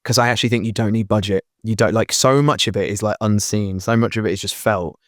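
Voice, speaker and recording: A man's voice: lowish voice, fairly even intonation, fast, no echo, clean studio sound. A man co-hosting a podcast in casual chat, earnest and rambling as he works through his thoughts. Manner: earnest, rambling, many fillers and restarts. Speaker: podcast co-host. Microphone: podcast mic.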